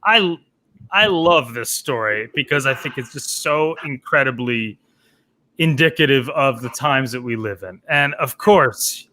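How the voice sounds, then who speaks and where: Bright-voiced man telling a story. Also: mid-range voice, animated, a little slow. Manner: rambling, filler-heavy storytelling. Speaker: podcast co-host. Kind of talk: casual chat, storytelling.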